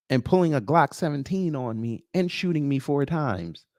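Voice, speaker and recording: A man's voice: fairly high pitch, lively intonation, normal speed, darkish tone, no room sound, clean studio sound. Sarcastic man hosting a livestream. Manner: sarcastic, greets chat viewers by name. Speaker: livestream host. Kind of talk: commentary livestream.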